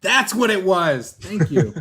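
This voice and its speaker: A man hosting a tabletop game as game master, introducing players in a relaxed, joking way. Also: sits high, unhurried, a crowd in the background.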